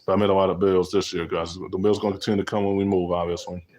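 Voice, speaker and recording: Low-voiced man hyping his own game play. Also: flat delivery, rapid-fire, a little mellow. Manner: hyped trash-talking commentary. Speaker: gamer streamer. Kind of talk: self play-by-play over a basketball video game.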